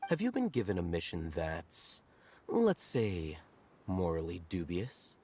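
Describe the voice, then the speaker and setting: A cool probing scholar. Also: male voice, low-pitched, huge pitch swings, a little mellow, husky, exaggerated voice. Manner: measured, interrogating. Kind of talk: video game voice acting.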